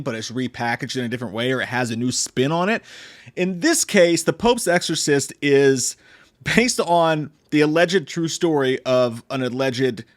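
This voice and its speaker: A man hosting a casual movie review channel, talking in an excitable, joking way with plenty of swearing and fillers. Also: medium pitch, no echo, studio quality. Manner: excitable, jokey, swears freely, lots of fillers.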